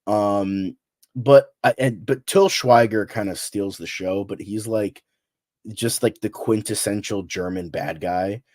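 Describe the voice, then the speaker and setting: A man's voice: lowish voice, a little slow, a little mellow, dry recording. Sick, nasal man ranting bluntly. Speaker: movie reviewer on a panel. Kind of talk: casual chat.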